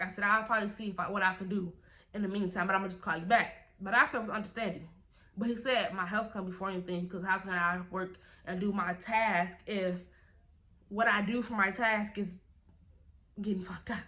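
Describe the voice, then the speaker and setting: A young woman, telling a casual storytime vlog in an animated, slangy way, acting out the quotes. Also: medium pitch. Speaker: vlogger.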